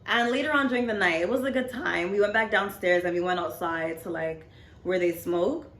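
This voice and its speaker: A woman's voice: lowish voice, a little fast, a bit bright. A woman in her twenties telling a story to camera in a rambling, casual way, full of "like, you know". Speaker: storytime vlogger. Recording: echoey room.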